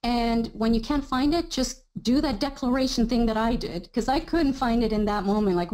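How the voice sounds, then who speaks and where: Woman coach, casual live training, lively delivery that slips into quoted inner monologue. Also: fairly high pitch, brisk, hardly any pauses. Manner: animated, acts out inner thoughts in quoted asides. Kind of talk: live online training talk.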